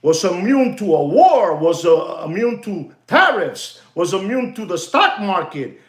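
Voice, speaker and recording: Male host, rambling streetwise monologue; high, very lively pitch. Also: a little slow, roomy sound. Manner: animated, streetwise banter mixed with Spanish slang. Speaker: channel host.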